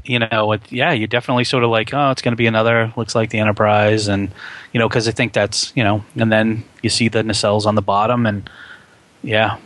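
A man's voice: fairly low pitch, flat delivery, brisk, fairly bright tone. A man co-hosting a podcast, chatting casually about a film with many fillers and restarts. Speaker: podcast co-host.

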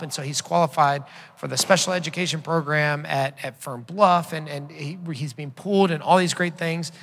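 A man's voice: a little high, sharp tone. A man in his thirties preaching a sermon, talking to the congregation in a conversational way and telling stories with quoted dialogue. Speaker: pastor. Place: church sanctuary. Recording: long hall reverb.

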